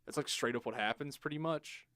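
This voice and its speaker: A young man co-hosting a casual podcast chat, retelling things with lively acted-out quotes and plenty of swearing. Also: medium pitch, brisk, no room sound, clean studio sound. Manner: animated storytelling, acts out quotes in silly voices; swears freely. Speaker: podcast co-host.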